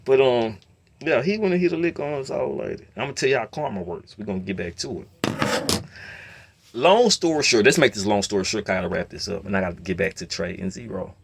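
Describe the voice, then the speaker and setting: A man telling a long story in a casual rant, slipping between low muttering and loud outbursts. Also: vocal fry, slight background noise. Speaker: storyteller host.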